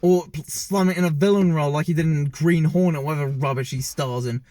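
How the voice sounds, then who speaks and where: Male reviewer, higher voice, dry room, rambling and self-correcting. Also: fairly quick, a little mellow, no room sound. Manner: rambling, opinionated, often correcting himself mid-sentence. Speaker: film reviewer. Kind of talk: casual opinionated movie review. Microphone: self-filmed camera.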